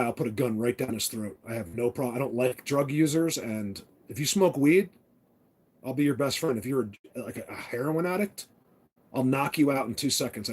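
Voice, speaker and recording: A man's voice: mid-range voice, darkish tone, slightly rough. A man rambling through a casual story, blunt and opinionated, with many restarts. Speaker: vlogger.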